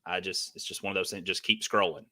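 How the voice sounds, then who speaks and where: A man's voice: low-pitched, fairly even intonation, fast talker, sharp tone. A man with a Southern drawl, a ring announcer talking as a podcast guest in an earnest way. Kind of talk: casual interview talk.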